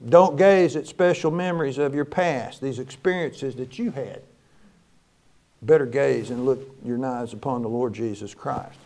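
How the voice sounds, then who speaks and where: A male pastor preaching a sermon, moving between loud exclamations and quiet, low lines. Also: a little slow.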